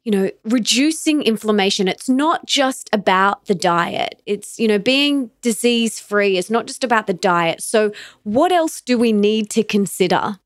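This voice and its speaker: A woman's voice: medium pitch, expressive, unhurried, few pauses, no room sound, clean studio sound. A woman hosting a podcast, talking earnestly and encouraging listeners, sharing stories in a conversational way. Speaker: podcast host.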